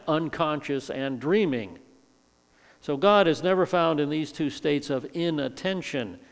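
An older man delivers a verse-by-verse sermon in a slightly high, gravelly voice. He stresses points by stacking and repeating words. The sound carries a long hall reverb. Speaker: preacher.

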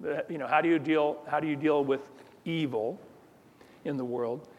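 A man's voice: fairly high pitch, moderate pace, a little mellow, muffled recording. Man preaching a sermon in a reverberant hall. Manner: conversational, restarts phrases, asks the room questions. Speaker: pastor.

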